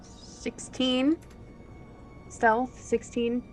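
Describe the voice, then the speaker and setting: A woman playing in a tabletop game, stating her character's actions deliberately. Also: fairly high pitch, level tone, soft background music, low-quality recording. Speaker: player.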